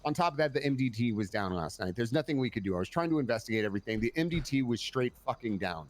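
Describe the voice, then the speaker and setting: A man's voice: mid-range voice, animated, quick pace. A tired man playing a police commander in a game roleplay, telling a long story in a rambling way, swearing and restarting often. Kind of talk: in-character roleplay chat.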